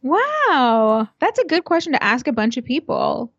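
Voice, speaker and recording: A woman's voice: high-pitched, big pitch swings, measured pace, a bit bright, husky, no echo, muffled recording. A Canadian woman chatting casually, telling funny stories, laughing often and swearing freely. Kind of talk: casual chat.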